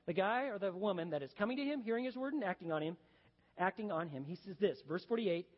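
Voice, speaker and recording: Man preaching a lively sermon in a hall. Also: high voice, fast. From Texas. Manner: lively storytelling, folksy asides, swings from loud to hushed. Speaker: pastor. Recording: dull, echoey hall recording.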